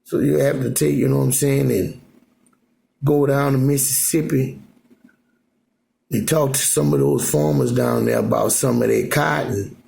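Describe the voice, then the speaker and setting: A man's voice: mid-range voice, fairly even intonation, normal speed, gravelly, mellow. A man talking loosely to his phone camera at home in Alaska, rambling and repeating "you know what I'm saying". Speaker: vlogger. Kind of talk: rambling casual monologue.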